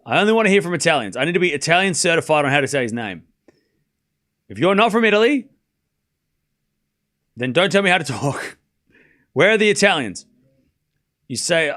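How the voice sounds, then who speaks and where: Australian male streamer, slightly high voice, playful chat banter mixed with live tennis play-by-play. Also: animated, normal speed, long pauses, a bit bright. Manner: playful and joking, reads chat aloud, repeats player names to practise them.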